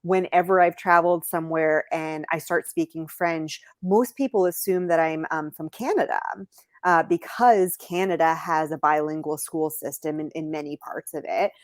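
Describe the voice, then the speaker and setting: In a clean, dry studio recording, a low-voiced American woman speaks at normal speed as a guest on a podcast. She chats casually and tells lively stories, leaning heavily on filler words.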